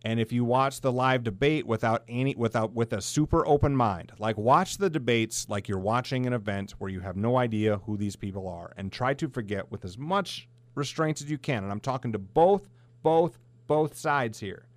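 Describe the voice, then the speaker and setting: A middle-aged podcast host from South Dakota, USA speaks at normal speed in a mid-range voice. He delivers a heated, blunt, profane ranting monologue full of swearing.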